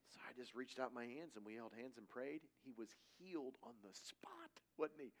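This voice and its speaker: A man's voice: mid-range voice, sing-song, fairly quick, a little mellow. A middle-aged man giving a conversational sermon, telling stories casually and acting out quoted voices. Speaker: preacher.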